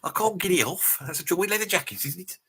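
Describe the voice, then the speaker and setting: A man doing a husky, boastful Brummie bloke. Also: high-pitched, animated, quick pace, sharp tone, heavily acted. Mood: rambling chat. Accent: Birmingham. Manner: rambling, boastful, chatty asides to viewers. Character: boastful middle-aged Birmingham bloke, rambling name-dropper. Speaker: live stream host in character. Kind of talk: in-character live reaction chat.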